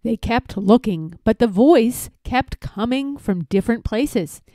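A woman reading a children's picture book aloud in a gentle, expressive way. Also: fairly high pitch, slow pace, dry recording, studio quality. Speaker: storybook reader.

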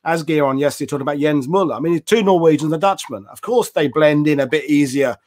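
A man's voice: on the high side, fast talker, a little mellow. Male host, easy conversational talk. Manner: conversational, repeats words while thinking. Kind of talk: casual interview chat.

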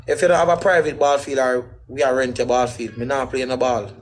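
A man's voice: medium pitch, fairly even intonation, fairly quick, low-quality recording. A middle-aged man, guest in a casual interview, talking in rambling, emphatic patois.

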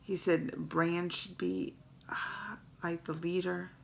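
Reaction-vlog host, woman, gravelly creaky voice, animated and teary storytelling. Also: fairly low pitch, slow pace, a little hiss or hum. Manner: excitable, emotional storytelling with dialect phrases. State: emotional, teary. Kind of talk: casual reaction recap.

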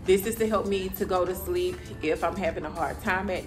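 A woman's voice: on the low side, fairly quick, music in the background. A young woman vlogging at home, talking candidly and chattily to her viewers in a slangy, casual way. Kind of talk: casual chat to camera. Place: bedroom floor at home.

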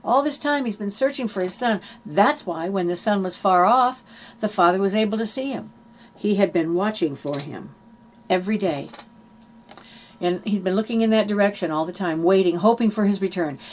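A woman's voice: medium pitch, moderate pace. A woman preaching a sermon in an earnest teaching manner, reading scripture aloud and explaining it.

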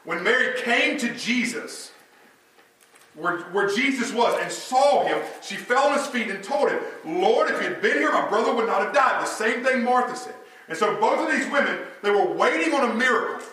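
A male pastor preaches with a high, bright voice, firing off rhetorical questions and then sinking into a near-hush. He sounds set back from the mic in a big, echoing room with a faint hiss behind him. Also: lively intonation, moderate pace. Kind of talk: sermon. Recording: echoey hall, voice from a distance, faint noise.

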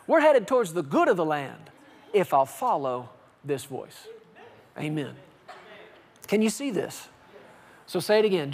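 Man preaching, 30s, high-pitched voice, animated storytelling, playful acted-out phone calls. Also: unhurried, long pauses. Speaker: pastor. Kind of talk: sermon. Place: church sanctuary.

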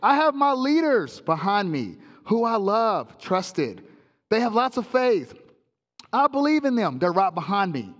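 A male pastor preaching a sermon, telling a comic story with sound effects in an animated way. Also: sits high, a little slow, big-room sound. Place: church sanctuary.

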